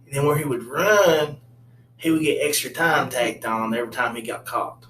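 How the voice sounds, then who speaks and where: A man's voice: mid-range voice, normal speed, fairly bright tone, reverberant, distant mic, a little hiss or hum, poor audio. A man telling a comic personal story in a rambling, wry way with many asides.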